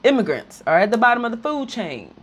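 Higher-voiced woman ranting profanely. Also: big pitch swings, quick pace, breathy edge. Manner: profane and blunt, with nervous laughs between points; repeats slogans and rises to near-shouting when heated. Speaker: video commentator. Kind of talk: impassioned political rant to camera.

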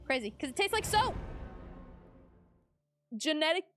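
Casting note: young woman streamer, high bright voice, giggly and chatty, faint music behind. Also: sing-song, measured pace. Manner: chatty, giggly, reads and greets chat. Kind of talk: casual live-stream chat while gaming.

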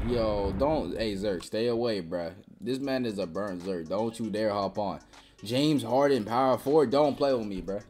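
A young woman giving live gameplay commentary, trash-talking with sudden excited yelps and shouts. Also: rumbling low, moderate pace, faint music behind. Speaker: gaming channel host.

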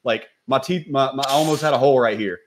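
Guy rattling off a story real fast on a podcast, cussing a lot, lots of slang, animated. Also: mid-range voice, slight background noise. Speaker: podcast guest. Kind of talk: casual storytelling.

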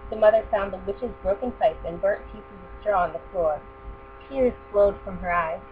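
A woman's voice: mid-range voice, normal speed. Casting: woman storyteller reading a picture book aloud, tinny lo-fi with mains hum.

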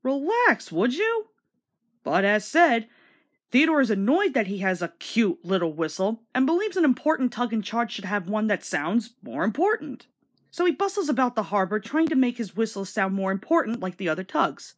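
A woman's voice: medium pitch, big pitch swings, moderate pace. A woman hosting a casual video commentary, sarcastic and wisecracking. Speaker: commentary host.

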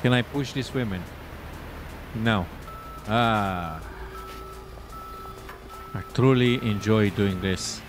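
A man's voice: fairly low pitch, slow pace, long pauses, over music. A man sarcastically commentating a game as he plays, exasperated and swearing freely. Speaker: gameplay commentator. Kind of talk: let's play commentary.

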